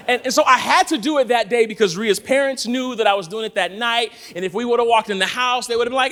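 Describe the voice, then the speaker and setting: A man from Los Angeles preaching in church, his voice unusually high and swinging widely up and down. He tells a story with animated energy and laughs often. He sounds like he is in his thirties. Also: quick pace, few pauses, a little hiss or hum. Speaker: church speaker. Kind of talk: sermon. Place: church in front of a congregation.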